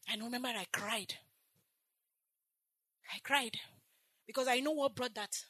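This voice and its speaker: A woman preacher delivering a sermon, swinging from loud shouted exhortation to soft, hushed confession and repeating phrases for emphasis. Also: high voice, normal speed, long pauses, dry recording.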